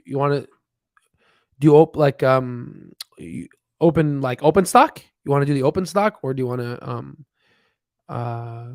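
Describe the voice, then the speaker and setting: A man's voice: mid-range voice, no room sound, studio quality. A man hosting a casual live stream about stocks, thinking aloud with lots of fillers and restarts as he reads charts. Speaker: stock market livestream host. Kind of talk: casual live chat while reading charts.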